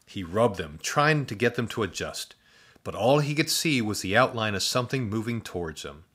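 A man reading a children's storybook aloud as the narrator, expressive and animated. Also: lowish voice, normal speed, breathy edge.

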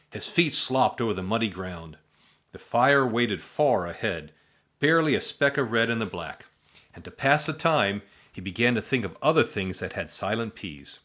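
Male storybook narrator, low and deadpan, comic asides. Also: normal speed.

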